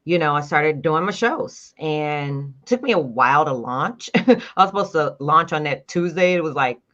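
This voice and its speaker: Woman, low voice, animated storyteller, acts out voices, dull lo-fi sound. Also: moderate pace. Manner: animated storyteller acting out quoted dialogue. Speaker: guest. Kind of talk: casual interview.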